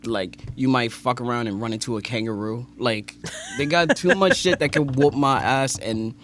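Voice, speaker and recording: A man's voice: medium pitch, normal speed, fairly bright tone. A man co-hosting a podcast in casual chat, joking, cursing freely and laughing often. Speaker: podcast co-host.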